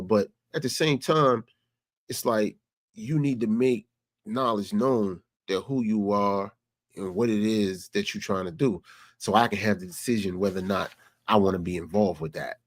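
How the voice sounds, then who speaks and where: A man's voice: lowish voice, moderate pace, no room sound. A man vlogging, telling a story in a loose, conversational way. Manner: conversational, repeats "you know what I'm saying". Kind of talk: casual storytelling.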